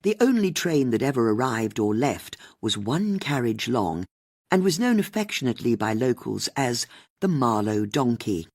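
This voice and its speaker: An audiobook narrator reading a mystery novel in an expressive storytelling manner. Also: medium pitch, moderate pace.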